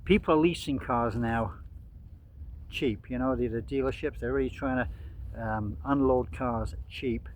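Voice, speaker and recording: A man's voice: mid-range voice, unhurried. 60-something guy rambling on his vlog, mid voice, noisy background with cars. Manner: rambling, with frequent fillers and restarts. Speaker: vlogger. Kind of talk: casual rambling commentary.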